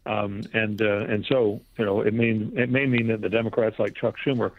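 Gravelly man reporting over a phone. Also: on the low side, moderate pace, a little hiss or hum. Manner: relaxed, rambling with fillers. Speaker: correspondent. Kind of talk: news report on a phone line. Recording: tinny phone line.

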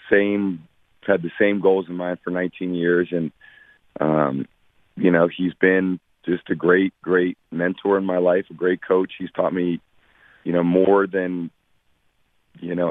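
A man in his forties, a guest athlete on a radio phone interview, talking in a measured way with many fillers. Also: deep voice, dry recording. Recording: tinny phone line on radio.

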